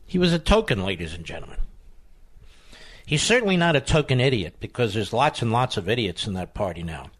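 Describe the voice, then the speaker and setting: A man hosting a political talk radio show, combative and emphatic, with sudden high outbursts. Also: very animated, a little fast, a bit bright.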